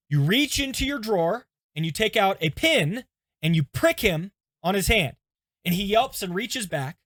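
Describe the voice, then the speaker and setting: Animated pastor with a high male voice. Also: dry recording. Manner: animated, conversational, frequent "okay?" check-ins. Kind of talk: teaching lesson with storytelling.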